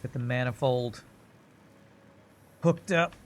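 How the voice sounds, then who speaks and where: A man's voice: mid-range voice, takes it slowly. Man thinking aloud on a game stream. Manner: rambling, thinks aloud, self-mocking. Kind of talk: casual live-stream commentary while playing.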